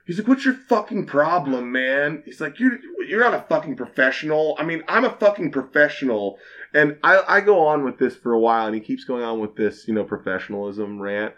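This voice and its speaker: A man's voice: mid-range voice, animated, brisk, a bit bright, muffled recording. A man, a bartender guest on a podcast, telling a story in casual chat, acting out quotes and swearing freely.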